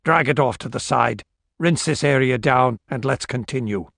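A man reading a calm, matter-of-fact male team leader who speaks in measured tones. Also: medium pitch, creaky, no echo, studio quality.

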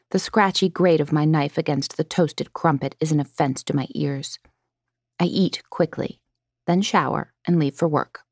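A woman narrating a first-person audiobook in a prim, precise and measured way, close to a studio mic. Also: low voice, a little mellow, no room sound.

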